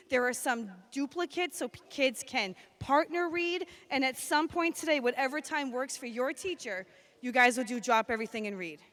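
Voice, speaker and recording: Cheerful woman at a school assembly, fairly high voice, chatty and upbeat as she calls kids up to the stage. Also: fairly bright tone. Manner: upbeat, chatty, calling out names and classes. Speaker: school staff member presenting at an assembly. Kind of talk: addressing children at a school assembly.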